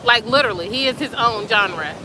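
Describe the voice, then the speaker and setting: A woman hosting a casual live stream outdoors by the sea at night, chatting and reading comments in an excitable, slangy way. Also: a little high, brisk. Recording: outdoor phone audio with surf and wind noise. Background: waves and wind.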